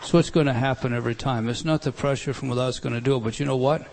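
A man preaching a sermon, emphatic, with loud bursts, quiet asides and many rhetorical questions. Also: mid-range voice, fairly even intonation, very fast, gravelly, a little hiss or hum.

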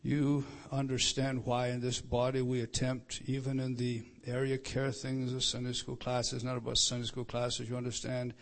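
A middle-aged man preaching a sermon as pastor, emphatic, rising loud to stress scripture and dropping low and quiet. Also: completely flat delivery, moderate pace, hardly any pauses.

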